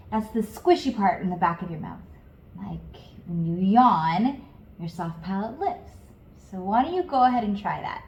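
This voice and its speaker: Encouraging woman singing teacher, roomy sound. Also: medium pitch. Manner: calm, encouraging step-by-step coaching with demonstrations. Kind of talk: guided vocal lesson.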